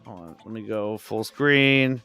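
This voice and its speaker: A man hosting a casual livestream chat, excitable and swearing freely. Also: on the low side, a little slow, creaky, faint music behind. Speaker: livestream host.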